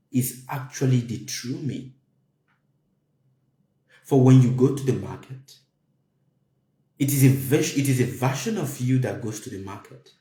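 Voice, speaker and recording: A man giving a spiritual talk to listeners, emphatic and repeating his phrases, his voice climbing high to stress a point. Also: dark tone. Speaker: spiritual teacher. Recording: roomy echo.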